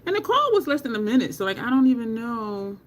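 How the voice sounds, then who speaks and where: A woman hosting a makeup livestream from home, talking slowly and rambling while she greets viewers from the chat. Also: on the high side, big pitch swings, slight background noise.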